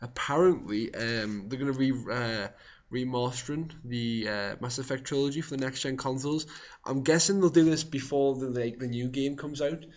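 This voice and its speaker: A man's voice: mid-range voice, normal speed. Chatty guy hosting a gaming podcast, lots of ums and likes, kinda muffled sound. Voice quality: rambling, lots of fillers and hedges. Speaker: podcast host. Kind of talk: casual gaming chat. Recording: dull lo-fi sound.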